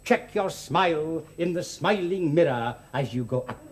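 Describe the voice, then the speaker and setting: A man's voice: fairly high pitch, lively intonation, moderate pace, natural voice. A man playing a pompous, overbearing restaurant manager in a TV comedy sketch. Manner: pompous, instructing. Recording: TV studio audience and background noise.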